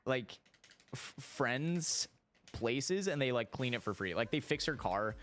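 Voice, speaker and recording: A young man streaming, telling a story casually, animated and profane, his voice shooting up when excited and sinking low when he reflects. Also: unhurried, soft background music. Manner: animated, swearing, jumps high in pitch when excited.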